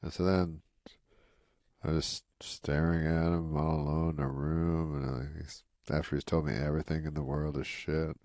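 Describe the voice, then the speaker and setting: A man guest on a radio show, telling rambling deadpan anecdotes with plenty of "you know". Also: very deep voice, moderate pace, dry recording, studio quality. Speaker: comedian guest. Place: radio studio.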